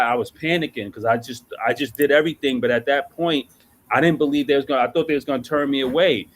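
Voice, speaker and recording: A man's voice: mid-range voice, fast talker. A man shares his personal recovery testimony. He speaks earnestly and with emotion, in a loose, conversational storyteller's way.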